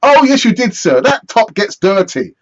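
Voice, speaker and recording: A man's voice: sits high, very animated, normal speed, muffled recording, voice pushed up. A man doing a cheeky eleven-year-old schoolboy. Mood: teasing. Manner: teasing, mocking.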